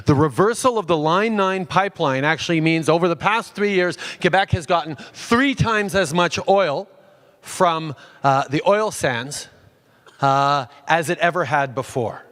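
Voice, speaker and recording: Man, slightly high voice, town hall answers, halting with many fillers and restarts. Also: a bit bright.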